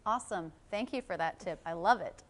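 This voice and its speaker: A woman hosting an interview about pronunciation, encouraging and quick with short affirmations. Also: lowish voice. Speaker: host of an English pronunciation channel. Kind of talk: friendly interview.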